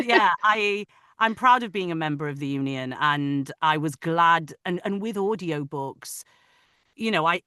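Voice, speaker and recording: Bright-voiced Manchester woman chatting. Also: low voice, expressive, a little slow, smooth, no echo, clean studio sound. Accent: Manchester English. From Manchester, England. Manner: chatty, laughs often, trails off softly. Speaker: audiobook narrator. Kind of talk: casual interview chat.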